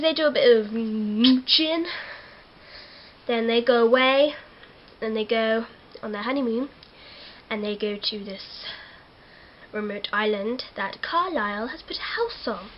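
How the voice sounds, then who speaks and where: A teenage girl, excitably recapping a film to camera. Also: fairly high pitch, a little slow, lo-fi sound. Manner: giggly, excitable, acts out characters. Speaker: vlogger. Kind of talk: casual movie recap to camera.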